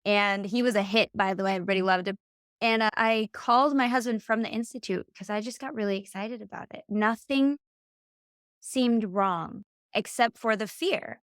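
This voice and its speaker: Podcast guest, woman, late 30s, lively storyteller who acts out quotes, dry close mic. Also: medium pitch, moderate pace, clean tone, no room sound. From Michigan. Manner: animated, acts out quoted dialogue. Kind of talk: casual storytelling.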